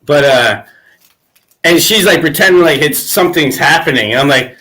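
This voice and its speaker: A man's voice: a little high, animated, normal speed, bright, forceful tone. A man hosting a podcast, telling crude stories in casual chat and laughing often. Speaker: podcast host.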